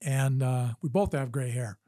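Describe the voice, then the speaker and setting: A man's voice: mid-range voice, measured pace, mellow, no room sound, clean studio sound. An older man, a podcast guest and former combat physician, telling a story in an interview with earnest delivery and frequent restarts. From United States.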